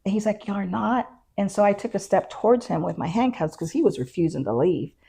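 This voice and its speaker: Telling her own story in an interview, this female county constable animatedly reenacts the quoted exchanges, peppering them with fillers such as "um" and "you know." Her mid-range voice is gravelly with a breathy edge, and she speaks a little fast.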